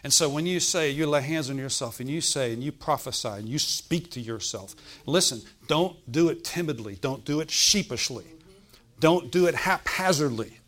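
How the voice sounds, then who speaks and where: A man preaching a sermon in a joking, conversational way, laughing often and building up to loud exhortation. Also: fairly high pitch, lively intonation, moderate pace.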